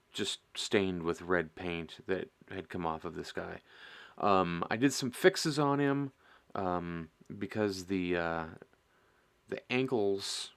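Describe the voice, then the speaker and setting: Rambling middle-aged man with a low voice. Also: smooth. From Midwestern US. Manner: rambling, self-mocking, chuckles at himself. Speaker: host of a miniature painting stream. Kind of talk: casual chat while painting.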